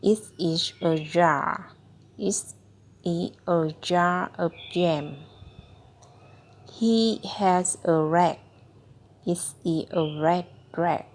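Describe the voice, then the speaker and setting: A woman reads a children's phonics lesson aloud at a very slow, careful pace, sounding out each word. Her voice has a gravelly, creaky edge. She paces it like a patient tutor working through the book with a child. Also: lowish voice. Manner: slow, deliberate word-by-word reading. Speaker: reading tutor.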